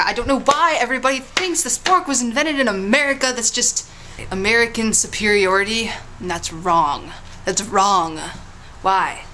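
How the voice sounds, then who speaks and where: A woman's voice: on the high side, pushed and bright, slight background noise, low-quality recording. A woman vlogging casually, telling a mock history tale in a playful, teasing way with big dramatic swoops.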